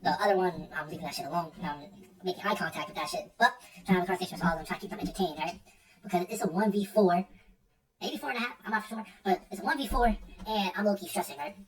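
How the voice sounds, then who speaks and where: Rapid-fire and high-pitched, this young male streamer rambles through a casual story thick with slang and swearing, repeating himself often. The mic is distant, and faint music plays.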